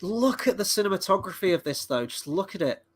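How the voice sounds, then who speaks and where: A man hosting a live movie-night stream, chatting casually and excitedly and swearing freely. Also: high-pitched, a little fast, slightly rough. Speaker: livestream host and movie reviewer. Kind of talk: casual live watchalong commentary.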